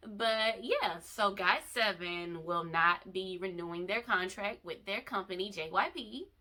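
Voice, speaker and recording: A woman's voice: medium pitch, measured pace. A young woman, vlogging to her viewers in an emotional, emphatic way. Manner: animated, emphatic, addresses viewers directly. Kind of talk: emotional fan vlog. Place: bedroom.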